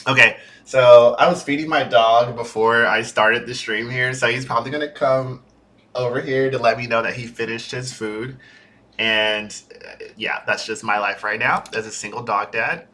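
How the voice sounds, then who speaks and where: Bright-voiced chatty man streaming from home. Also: mid-range voice, steady tone, moderate pace. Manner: chatty and easily sidetracked, with fillers. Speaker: software developer streaming a build-in-public series. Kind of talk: casual livestream talk. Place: home streaming setup with a green screen.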